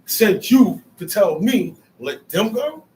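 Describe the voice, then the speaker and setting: A man's voice: high voice, expressive, takes it slowly, a little mellow. A man playing an arrogant, dismissive Egyptian king who talks down in modern street slang. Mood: scoffing. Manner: slangy, scoffing, bossy. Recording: echoey room, mic far off.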